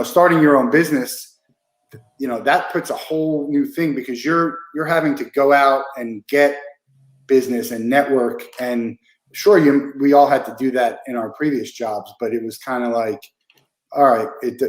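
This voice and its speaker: A man's voice: medium pitch, normal speed. Man host chatting in an echoey room. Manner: conversational, many fillers and restarts. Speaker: podcast host. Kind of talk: casual interview conversation.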